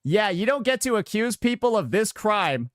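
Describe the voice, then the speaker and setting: A man's voice: high-pitched, very animated, normal speed, dry recording, clean studio sound. A man in a commentary clip arguing back against accusations, lecturing and repeating his points. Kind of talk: commentary video.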